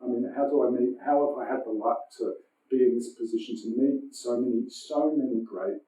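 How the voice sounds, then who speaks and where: Middle-aged philosopher guest, mellow voice, animated and swearing, heard from a distant mic in a roomy space. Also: male voice, medium pitch, a little fast. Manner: animated, profane, many restarts and fillers. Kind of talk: casual conversational interview. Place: lecture room.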